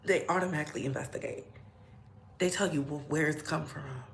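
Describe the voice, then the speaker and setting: A woman's voice: low voice, a little fast, creaky, reverberant, slight background noise. A young adult woman hosting casual celebrity gossip commentary, repeating herself and dropping into whispers. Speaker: gossip show host.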